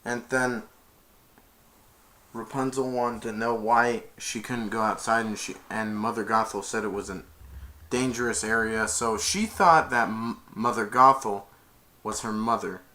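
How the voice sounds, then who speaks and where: Bright-voiced man rambling through a plot. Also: on the low side, steady tone, a little slow. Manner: rambling, strings events with "and then". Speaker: film reviewer. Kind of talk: casual plot retelling.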